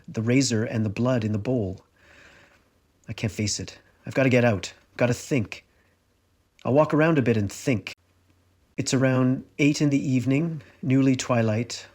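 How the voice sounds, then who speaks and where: A man's voice: mid-range voice, a little mellow. A middle-aged man reading his own memoir aloud in a wry, confessional first-person telling. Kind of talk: audiobook narration.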